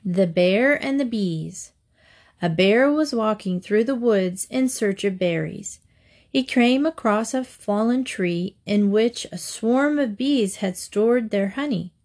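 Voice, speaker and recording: A woman reads storybook fables aloud at a middle pitch. Her delivery is clear and measured, a steady storytelling voice. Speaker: narrator.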